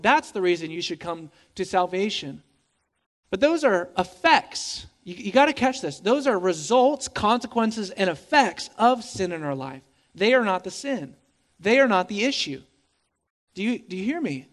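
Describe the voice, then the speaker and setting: A pastor preaching a sermon in a lively, conversational way, adding humorous asides and often repeating words as he goes. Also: high voice, moderate pace. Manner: emphatic, repeats words as he speaks.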